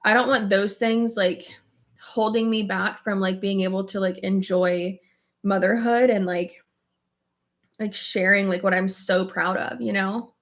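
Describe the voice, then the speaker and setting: A woman's voice: medium pitch, fairly even intonation, measured pace. A young woman vlogging casually while doing her makeup, rambling with lots of "like" and fillers, swearing offhand and getting emotional. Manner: emotional, tearful at times, laughs often. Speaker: beauty vlogger.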